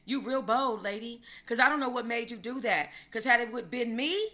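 Female livestream host, bright forceful voice, slangy and emphatic, casual commentary to a chat. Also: on the high side, animated, brisk.

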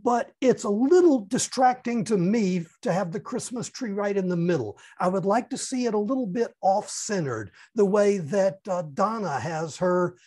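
A man's voice: sits high, normal speed, hardly any pauses, mellow. A man giving a formal, courteous speech evaluation over a video call and lingering on key phrases.

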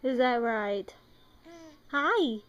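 A young mother talking to her baby in slow, coaxing, sing-song baby talk. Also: a little high, animated, a bit bright, lo-fi sound.

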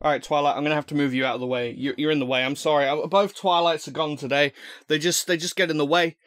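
A man's voice: on the high side, fairly even intonation, quick pace, fairly bright tone, no echo, clean studio sound, soft background music. A young man rambling and joking as he unboxes fan mail at home into a desk microphone, full of fillers and restarts. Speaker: vlogger opening fan mail. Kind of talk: casual unboxing vlog. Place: room at home.

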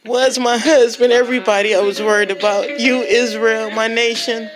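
A woman's voice: on the high side, steady tone, moderate pace, music in the background. A woman giving an impassioned, exhorting testimony as a religious vlogger, repeating herself for emphasis. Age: adult with a child and parents. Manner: fervent, exhorting, repetitive.

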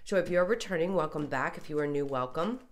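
A woman's voice: low-pitched, animated, fast, slight background noise. A woman tarot reader talking casually through a reading, congested and getting over being sick, chatty with apologetic asides. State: congested, recovering from illness.

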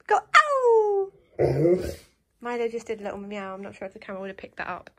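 A woman's voice: medium pitch, steady tone, very fast. A young woman filming at home, cooing to her baby and dogs in a sing-song baby-talk voice. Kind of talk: home video chat. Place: home indoors. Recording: faint background noise.

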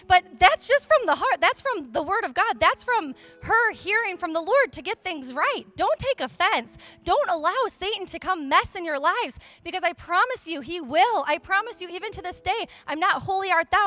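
Young woman, high bright voice, fervent church testimony into a handheld mic. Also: expressive, a little fast, few pauses. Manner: fervent, emphatic, chatty storytelling. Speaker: pastor's wife giving a testimony. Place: church sanctuary during a service. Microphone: handheld microphone.

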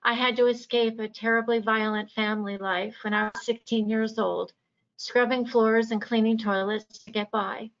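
A woman's voice: fairly high pitch, flat delivery, normal speed. A woman from Virginia giving a passionate, emphatic campaign speech as a candidate at a forum. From Virginia, USA. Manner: passionate, emphatic stump speaking. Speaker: political candidate. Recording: dull lo-fi audio.

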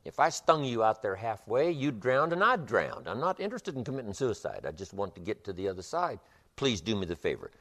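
A man's voice: on the low side, big pitch swings, fairly quick, fairly bright tone, exaggerated voice. A sly, coaxing scorpion as a man puts him on. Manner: coaxing, overly polite. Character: sly persuasive male scorpion.

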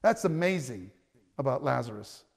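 A male pastor preaching a sermon in a church, animated and conversational, with stammering restarts and loud cries at the high points. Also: moderate pace, creaky, big-room sound.

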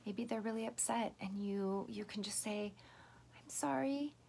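A woman teacher giving a patient, gentle lesson to young children, explaining step by step. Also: medium pitch, level tone, normal speed, vocal fry, slightly rough.

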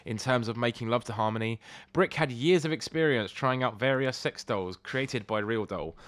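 A man's voice: medium pitch, normal speed, fairly bright tone. A young man co-hosting a podcast, reading out strange news stories, stumbling over words and breaking into laughter. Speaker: podcast co-host.

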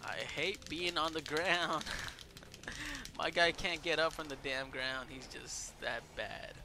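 A man giving casual let's play commentary over a wrestling game, excitable and swearing, yelling at the game and shouting out moves. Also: on the high side, slow, noisy background. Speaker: gameplay commentator.

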